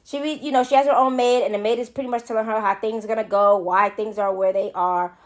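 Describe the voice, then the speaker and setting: A woman's voice: on the high side, steady tone, fast talker. A woman co-hosting a casual podcast, retelling a film plot in a rambling way and stopping to search for words. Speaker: podcast co-host. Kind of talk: casual movie recap chat.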